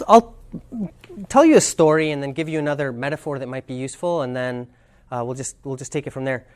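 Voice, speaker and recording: A man with a fairly high voice teaches a workshop on communication. He explains ideas and tells stories, often pausing to find the right words. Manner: thoughtful, searching for words. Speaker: communication trainer.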